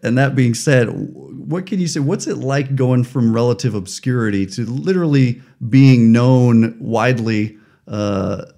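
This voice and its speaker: A man hosting a casual interview in a mid-pitched voice. He asks long, meandering questions and fills the gaps with uhs and ums. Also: a little slow, warm tone. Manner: chatty, rambling questions with fillers.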